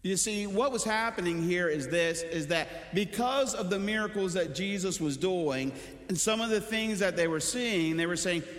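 Animated pastor in an echoey hall. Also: male voice, high-pitched, moderate pace. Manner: conversational, animated preaching with asides. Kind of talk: sermon.

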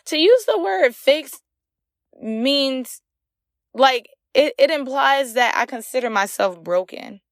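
A woman's voice: high voice, lively intonation, slow, no echo, clean studio sound. A young woman hosting a solo podcast, telling a raw, emotional personal story with many fillers. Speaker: podcast host. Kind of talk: candid solo podcast monologue.

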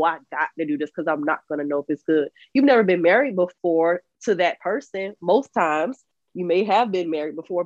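A woman's voice: on the low side, a little mellow, no echo. A woman co-hosting a podcast, talking in a candid, earnest way with laughs between her points. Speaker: podcast co-host. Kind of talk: casual podcast conversation. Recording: slightly dull, muffled audio.

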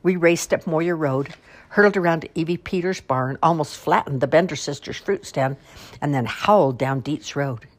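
A boastful elderly great-aunt , as a woman reads her, crows through her storybook tale in a folksy way. Her voice is deep and a little husky. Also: moderate pace. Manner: boastful, folksy, building excitement.

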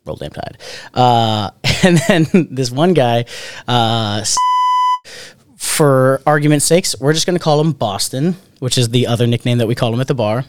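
A podcast host with a mid-range voice speaks at a moderate pace, spinning long party stories in casual chat. His family roots are in Alabama, and he swears freely while animatedly acting out the quotes in his anecdotes.

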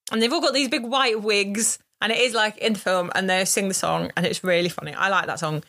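A woman's voice: medium pitch, steady tone, a little fast, sharp tone. A young woman co-hosting a podcast in casual chat, dry and teasing, steering the talk back on track. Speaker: podcast co-host, teacher.

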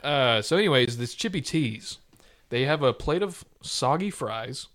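A man's voice: mid-range voice, expressive, unhurried, a bit bright. A man from the United States hosting a casual podcast chat, rambling and joking with frequent laughs. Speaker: podcast host.

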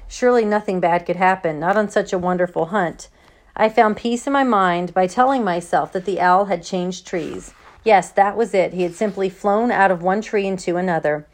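A woman narrating an audiobook chapter in a steady, unhurried reading voice. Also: mid-range voice. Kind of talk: storybook narration.

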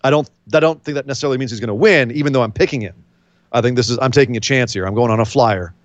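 A man co-hosting a live stream, talking in a rambling, jokey way with lots of animated asides. His voice sits in a middle register, recorded dry and close. The sound is a little dull and lo-fi. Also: mid-range voice, racing, no echo. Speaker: podcast co-host. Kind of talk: casual wrestling predictions chat.

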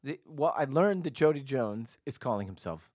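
Male co-host, casual storyteller, lively and expressive, dry studio mic. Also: medium pitch, moderate pace, husky, no room sound. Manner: animated storyteller, acts out voices and laughs often. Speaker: podcast co-host.

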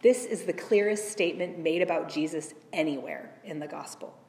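A woman's voice: lowish voice, moderate pace, darkish tone. A woman reading scripture expressively during a sermon, adding her own asides. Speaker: preacher. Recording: echoey hall.

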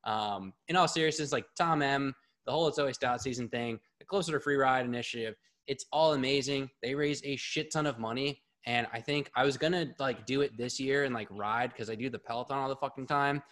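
A man hosts a live podcast in an easygoing chat, running on excitedly from one thought to the next. He swears without a second thought and sounds worked up. His voice sits at an ordinary middle pitch. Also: a little fast, hardly any pauses. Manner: excitable and rambling, swears freely. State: a bit out of breath. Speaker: podcast host.

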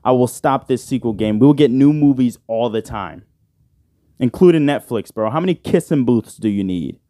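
This podcast host runs his show solo, rambling, joking, swearing plenty and saying "bro" a lot into a side-address studio mic. His mid-range voice is animated and mellow at a moderate pace, and the recording is dry.

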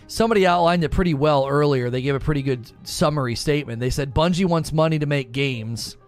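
A man hosting a casual live stream, rambling through quick asides and reading out chat. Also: a little high, soft background music. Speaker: livestream host.

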